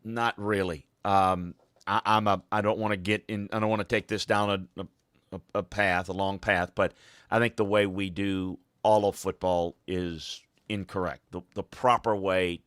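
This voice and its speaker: A man's voice: low-pitched, little pitch movement, normal speed, fairly bright tone, clean tone, no echo, clean studio sound. A man talking football as a coach on a podcast, emphatic and hammering points home by repeating phrases. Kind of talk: casual podcast talk.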